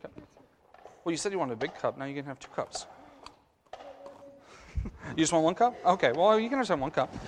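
A man's voice: on the high side, sing-song, a little fast, long pauses, a little hiss or hum. Man leading kids in a reverberant church. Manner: coaxing, directing kids in a skit. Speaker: children's sermon leader. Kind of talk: children's message at a church service. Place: church sanctuary.

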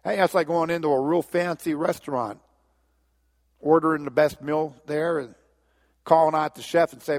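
A middle-aged man preaching in a church, telling the story with animated energy and often doubling his "and"s. His voice sits a bit high for a man. A long reverb trails behind every phrase. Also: unhurried. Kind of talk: sermon.

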